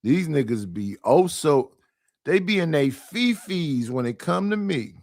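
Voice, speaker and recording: A man's voice: a little high, expressive, a little slow, a little mellow, a little hiss or hum. Exasperated man ranting on a livestream. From Oakland, California. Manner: exasperated, rhetorical, profane. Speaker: livestream host. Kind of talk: casual livestream rant. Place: his living room.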